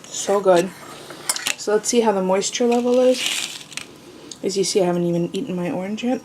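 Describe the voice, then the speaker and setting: In her home kitchen, a female cooking vlogger chats her way through a baking demonstration, teasing herself and tasting as she goes. Her mid-range voice moves fast, with some background noise.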